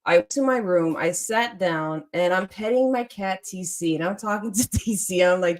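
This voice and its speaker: A young adult woman hosting a casual chat, telling a story in a lively way, laughing often and acting out what people said. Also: fairly low pitch, moderate pace, hardly any pauses. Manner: animated, laughs often, acts out quotes. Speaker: podcast host.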